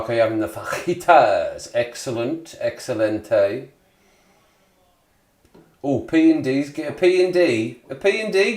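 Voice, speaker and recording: A man's voice: mid-range voice, a little mellow. A man in his forties hosting a casual live stream, rambling and chuckling as he greets viewers in the chat. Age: 40s. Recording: echoey room.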